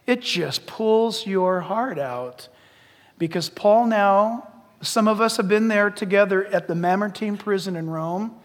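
Casting note: middle-aged man preaching a lively, joking sermon, high voice, long hall reverb. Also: measured pace. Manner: animated, humorous, dropping to hushed asides. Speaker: pastor. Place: church sanctuary.

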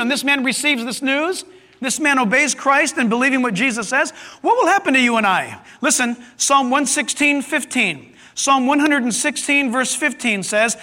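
High-pitched, bright-voiced preaching man. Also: animated, normal speed. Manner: emphatic preaching, rhetorical questions to the congregation. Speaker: pastor. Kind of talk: sermon. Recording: long hall reverb.

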